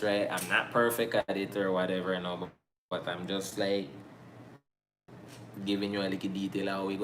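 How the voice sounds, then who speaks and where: A man's voice: fairly low pitch, slight background noise. A man from Bluefields, Nicaragua, with a Nicaraguan Creole English accent, answering viewer questions in a slangy, joking casual chat.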